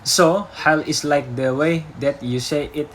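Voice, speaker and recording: Young Indonesian man, higher voice, very slow, halting reading, grammar slips, class assignment. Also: a little hiss or hum, poor audio. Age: young adult. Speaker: university student. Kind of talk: retelling a talk for a class assignment.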